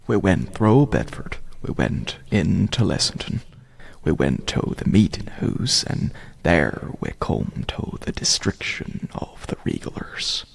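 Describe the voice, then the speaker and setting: A man voicing an 18th-century colonial militiaman, recounting his march in a slow, plain, diary-like way with a reconstructed 18th-century Merrimack Valley Massachusetts accent and a gravelly, husky voice. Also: sits low, pitched below the performer's own voice, exaggerated voice.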